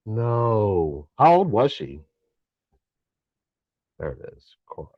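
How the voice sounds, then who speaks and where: A middle-aged man co-hosting a live stream, chatting casually, animated and joking, swearing now and then. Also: lowish voice, slow pace, breathy edge, no echo, muffled recording. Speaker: co-host.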